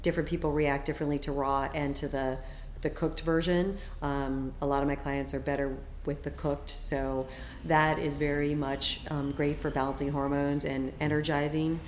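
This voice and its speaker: A low-voiced woman speaking as a health coach guest on a podcast. She is chatty and enthusiastic, full of ums and likes. The room sounds echoey, with faint ambience behind her. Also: level tone, moderate pace, a little hiss or hum. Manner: chatty, enthusiastic, many fillers. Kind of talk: casual interview chat.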